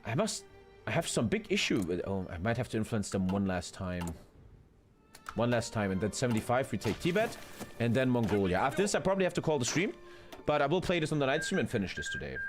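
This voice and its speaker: A man's voice: big pitch swings, quick pace. Dude in his 30s streaming a strategy game, voice swings all over, swears loads, bit of music behind. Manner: swears a lot, jumps into loud high yelps. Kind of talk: live gameplay commentary.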